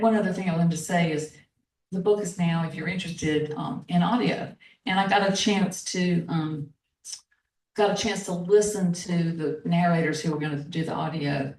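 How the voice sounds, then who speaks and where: An older woman author with a North Carolina accent speaks thoughtfully, pausing on fillers as she talks and reads. Her voice sits low, and she is picked up from a distance in an echoey bookstore room. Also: darkish tone. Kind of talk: author talk and reading. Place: bookstore event space.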